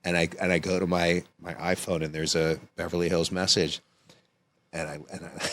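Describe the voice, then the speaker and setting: A man's voice: deep voice, flat delivery, moderate pace, fairly bright tone. A man, a filmmaker guest on a podcast, telling a personal story in a casual, rambling, profane way.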